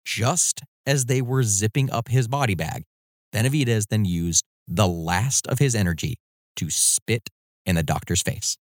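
A man's voice: lowish voice, a little slow, dry recording, studio quality. A man hosting a podcast, telling a history story in a casual, conversational way with loose fillers. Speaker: podcast host.

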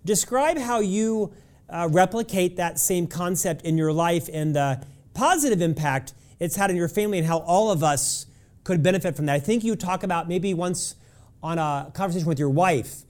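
A man's voice: sits high, moderate pace, darkish tone. A man hosting an interview who asks long, rambling questions and often fumbles and restarts them. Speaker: host.

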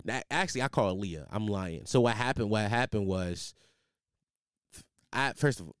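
Young man as podcast host, animated and profane, clear voice on a close studio mic. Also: fairly low pitch, normal speed, no echo. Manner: animated, profane, rambling with restarts. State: tired, sleepless. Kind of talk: casual storytelling monologue. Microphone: studio microphone.

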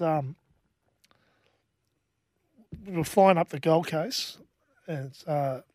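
An Australian man in middle age spins old sporting yarns in a relaxed, stop-start way. His voice sits somewhat high for a man, and the sound is dry and close with no room around it. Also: dry recording. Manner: laid-back, halting with many restarts. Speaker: former rugby league player, guest. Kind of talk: casual storytelling.

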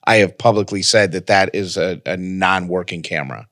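A radio host chatting casually and telling a story with many restarts, nursing a lingering cough. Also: male voice, sits low, moderate pace, fairly bright tone, no room sound, clean studio sound. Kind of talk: casual chat.

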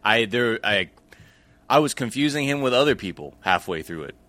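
A man's voice: medium pitch, lively intonation, moderate pace, bright, forceful tone, no room sound. A man chatting casually as a podcast guest, loose and joking, with lots of fillers. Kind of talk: casual chat.

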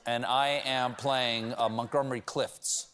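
A man's voice: medium pitch, steady tone, a little slow. A man hosting a late-night talk show, teasing his guest in playful comedic banter. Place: TV studio with live audience. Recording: studio audience and background noise.

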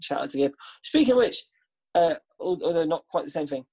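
A man's voice: on the high side, expressive, brisk, gravelly, dark tone, husky. A young man, co-hosting a podcast and telling a long family story in casual, slangy, profane chat. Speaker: podcast co-host.

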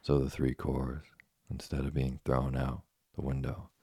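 A man narrates a storybook in a very deep, flat voice. He sounds dark, husky and gravelly. The recording is dry and close. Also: a little slow, no echo. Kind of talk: storybook reading.

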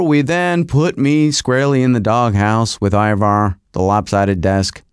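A man's voice: fairly low pitch, a little slow, few pauses, clear, resonant tone, no echo, clean studio sound. A middle-aged man hosting a podcast, telling a rambling comic story and putting on voices. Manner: rambling, animated, puts on voices. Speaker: podcast host.

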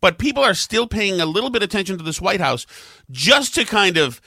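A man's voice: sits high, big pitch swings, fairly quick, creaky, pushed and bright, no echo, clean studio sound. A man co-hosting a podcast in casual political chat, arguing his points in a conversational way. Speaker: podcast co-host.

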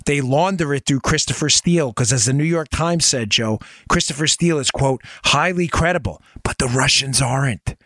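A man hosting a political commentary podcast, talking in a sarcastic, excitable rant. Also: mid-range voice, normal speed, hardly any pauses, dry recording, clean studio sound. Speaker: podcast host.

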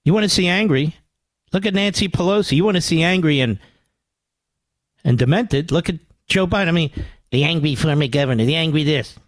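An older man hosts a political talk radio show, combative, mocking, and sarcastic, his expressive voice swinging from low growls to high exclamations. He speaks briskly into a studio microphone with no room sound.

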